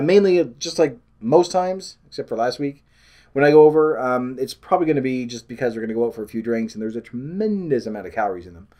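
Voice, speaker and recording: A medium-pitched, darkish male voice belongs to a Canadian man talking on a weight loss vlog. He wanders from point to point, mocks himself, and often forgets his train of thought.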